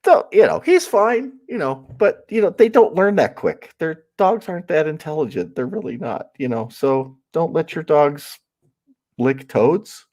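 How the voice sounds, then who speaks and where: Podcast co-host, slow, lively rising and falling pitch, chuckling storyteller. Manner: laughing, anecdotal storytelling. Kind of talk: casual drinking podcast chat.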